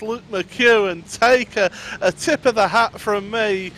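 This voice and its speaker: A man co-commentating on a live esports race, reacting with measured exclamations. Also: high voice, bright, forceful tone.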